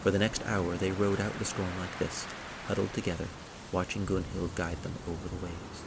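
A man giving steady, measured scripted audiobook narration. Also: low voice, gravelly, heavy background noise. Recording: rain and thunder sound effects. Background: rain and thunder.

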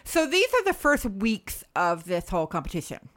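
Lively, animated woman co-host. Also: mid-range voice, normal speed. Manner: chatty, animated, self-mocking. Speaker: podcast co-host. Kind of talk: casual chat.

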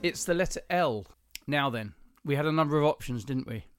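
A man's voice: fairly high pitch, expressive, a little fast, over music. A man from southern England co-hosting a podcast, chatty and teasing, rambling through stories. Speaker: podcast co-host. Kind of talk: casual chat.

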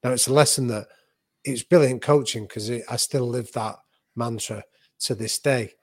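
A man, a boxing coach and author, telling a story in vivid anecdotal detail, with quick restarts as he goes. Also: mid-range voice, darkish tone, husky, no room sound. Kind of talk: animated conversational storytelling.

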